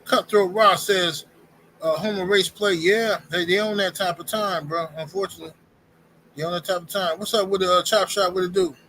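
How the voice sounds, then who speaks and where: A man's voice: high voice, fairly even intonation, moderate pace, pushed and bright, a little hiss or hum, poor audio. A man in his forties hosting a livestream, talking bluntly and slangily in casual commentary. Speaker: livestream host.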